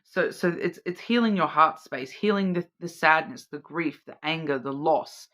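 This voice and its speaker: This woman speaks at a normal speed, her voice low and fairly bright. She is a card reader hosting a weekly oracle reading, musing aloud and repeating words as she feels for meaning, and she addresses the listener directly with an occasional "okay?"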